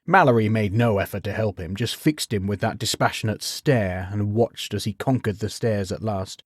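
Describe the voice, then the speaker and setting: A man narrating a bedtime story in an expressive, measured storytelling manner with wry humor. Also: fairly low pitch, no echo, studio quality.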